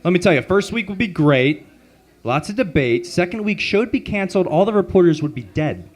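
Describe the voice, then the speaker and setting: A man performing a stand-up comedy set at an open mic on a club stage, delivering deadpan setups and punchlines through a handheld stage mic. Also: high-pitched, fairly quick.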